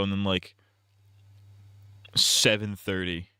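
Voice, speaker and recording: A man's voice: lowish voice, flat delivery, brisk, sharp tone, smooth, no room sound, clean studio sound. A man hosting a casual live stream over gameplay. He rambles, jokes and laughs a lot, and swears freely. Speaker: streamer, host.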